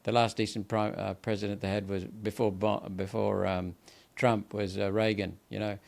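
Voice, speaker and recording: A man's voice: fairly low pitch, flat delivery, normal speed, creaky. An older Australian man speaking as a senator in an interview, ranting emphatically and often repeating words as he presses his points. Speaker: senator, guest. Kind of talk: impassioned political interview.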